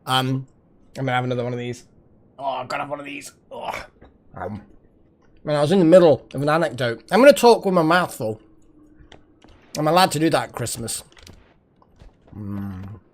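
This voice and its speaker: A man's voice: medium pitch, animated, normal speed, long pauses. A man chatting casually while streaming a game, rambling with asides and swearing. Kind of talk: casual live-stream chat while gaming.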